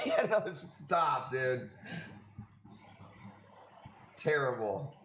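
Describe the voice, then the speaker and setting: A man's voice: medium pitch, sing-song, drawn-out words, a bit bright, slight background noise. A man hosting a live coral sale stream, chatting casually with viewers in a joking, profane way. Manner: joking, profane, talks to chat.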